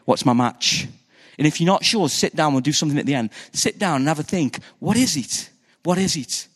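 A man's voice: a little high, expressive, fairly quick, breathy edge. A man, a pastor, preaching a conversational sermon that keeps asking the congregation questions. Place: church hall. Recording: reverberant church hall.

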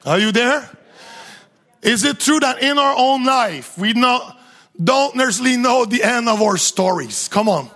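A man preaching a lively sermon, often calling "come on" to the congregation and laughing between points. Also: extremely high pitch, unhurried. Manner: energetic, calls to the crowd, laughs often.

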